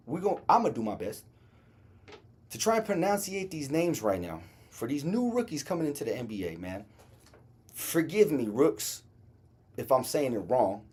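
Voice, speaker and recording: A man's voice: medium pitch, darkish tone, breathy edge. A man from Las Vegas hosting a casual basketball livestream, laid-back and slangy, stumbling playfully over hard names. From Las Vegas, Nevada. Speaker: podcast host.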